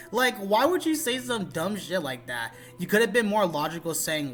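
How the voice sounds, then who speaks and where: A man's voice: high-pitched, big pitch swings, normal speed, few pauses, fairly bright tone. Guy ranting over a drama clip, blunt and sweary, some music in the back. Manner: blunt, profane, exasperated. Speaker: commentary narrator.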